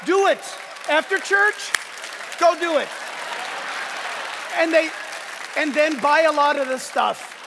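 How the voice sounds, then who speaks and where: A man with a very high voice preaches to his congregation, moving from hushed asides to loud, emphatic declarations. His voice rings with long reverb through the church, and a crowd is faintly heard in the room. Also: animated, slow pace, gravelly, long pauses, noisy background. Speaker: pastor. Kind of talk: sermon. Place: church sanctuary. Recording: echoey church hall with congregation.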